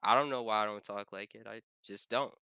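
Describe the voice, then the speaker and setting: A man's voice: fairly low pitch, brisk, vocal fry, crowd noise. A young man from Baltimore, co-hosting a podcast in casual chat, rambling with restarts. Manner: rambling, restarts, laughs often. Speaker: podcast co-host.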